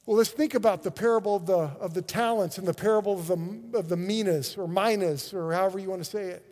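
Man, pastor's sermon, high voice, echoing church hall. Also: quick pace. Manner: animated, repeats words when excited.

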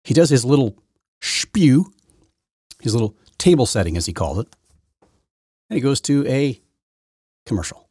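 Guy ranting solo on his podcast, husky and kinda low, dead dry sound, keeps restarting sentences. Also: sing-song, moderate pace, pauses often, mellow, dry recording. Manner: rambling, frequent restarts and repeated words. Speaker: podcast host. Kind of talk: opinionated solo commentary.

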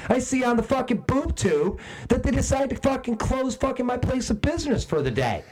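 A man's voice: very high-pitched, sing-song, fairly quick, noisy background. A man telling a long, profane story as a podcast co-host, ranting and swearing constantly.

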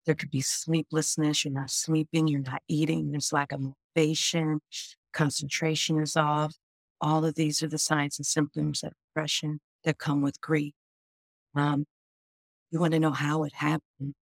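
A woman's voice: deep voice, level tone, normal speed, gravelly, no echo, studio quality. A woman doctor on a podcast explains grief in a conversational way. She often says "like" and voices people's inner questions.

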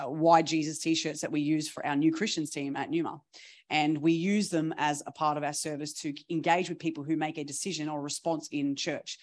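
A woman preaching, telling stories in a chatty, animated way with laughing asides. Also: low-pitched. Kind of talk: storytelling sermon.

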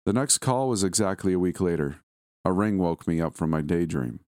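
Deep-voiced man narrating horror. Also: no room sound, clean studio sound. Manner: steady, measured storytelling. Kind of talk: scripted first-person horror narration.

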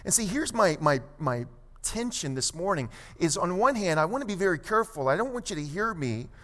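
A man preaching a sermon as pastor, emphatic, with quick asides and slow, stressed phrases. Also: high-pitched, big pitch swings, a bit bright. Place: church sanctuary. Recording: long hall reverb.

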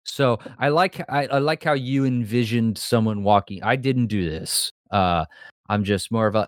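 A man co-hosting a podcast, talking in a relaxed, joking way and swearing casually. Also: lowish voice, normal speed, dry recording, clean studio sound. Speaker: podcast co-host. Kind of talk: casual chat.

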